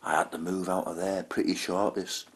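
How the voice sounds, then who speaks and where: A man's voice: low voice, little pitch movement, normal speed. A man telling a profane comic story, with chatty asides and laughter. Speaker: comedian.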